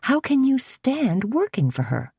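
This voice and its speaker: A woman's voice: high voice, wildly swooping pitch, measured pace, creaky, a little mellow, husky, dry recording, studio quality, pitched above the performer's own voice, full character voice. A woman reading as a wry small-town heroine.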